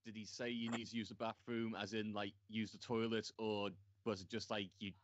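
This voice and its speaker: A man's voice: lowish voice, flat delivery, brisk, a little hiss or hum. Puzzled man, muffled and off mic. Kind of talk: casual chat.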